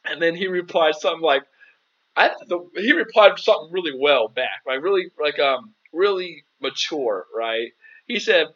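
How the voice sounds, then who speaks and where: A man's voice: on the high side, animated, normal speed, a bit bright, muffled recording. A man hosting a casual live-stream Q&A as a dating coach, chatty and playful, calling viewers "girl".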